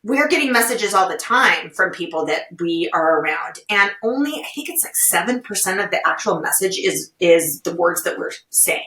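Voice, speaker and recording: A woman's voice: fairly low pitch, normal speed, hardly any pauses. A woman guest on an interview podcast, talking casually and telling stories expressively. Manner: expressive storyteller, animated retellings. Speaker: podcast guest, legal well-being director. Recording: roomy, distant-mic sound.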